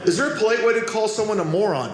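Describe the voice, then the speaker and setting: A man's voice: high voice, racing, crowd noise. A man doing a stand-up comedy set on a club stage, telling punchy, self-deprecating stories. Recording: echoey club with audience noise.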